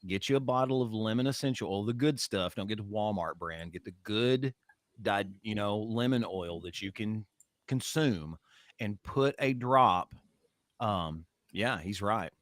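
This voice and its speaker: A man's voice: on the low side, measured pace, dry recording, clean studio sound. A man co-hosting a podcast in casual chat, rambling and joking with many fillers. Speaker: podcast co-host.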